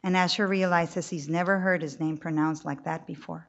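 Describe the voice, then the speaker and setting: A woman reading a novel aloud in a measured storytelling manner. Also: lowish voice, fairly even intonation, muffled recording. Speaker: reader.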